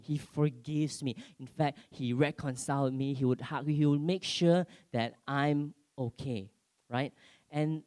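A man in his thirties preaching a sermon to a congregation, conversational and checking in with "okay?" after many lines. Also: on the high side. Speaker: pastor.

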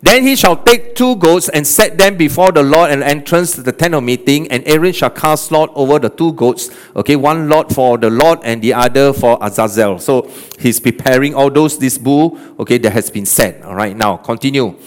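A male pastor preaching a sermon, animated, often checking in with "okay" and "all right?". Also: mid-range voice, moderate pace, few pauses. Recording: long hall reverb.

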